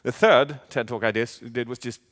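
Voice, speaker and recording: A man speaking as a communication coach in a live keynote, animated, asking the audience questions and acting out inner voices. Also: mid-range voice, moderate pace. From Sweden. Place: large event hall. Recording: long hall reverb.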